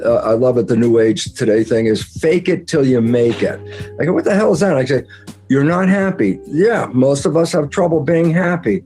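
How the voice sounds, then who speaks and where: A man explains ideas at a medium pitch, jumping into lively acted-out quotes of his own conversations. Faint music plays underneath him. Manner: animated, acts out his own quoted dialogue. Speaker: interview guest.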